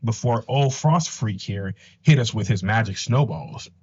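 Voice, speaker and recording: A man's voice: on the low side, animated, unhurried, a little mellow, breathy edge. A man reading as a wisecracking stretchy hero. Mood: joking. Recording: slightly dull lo-fi audio.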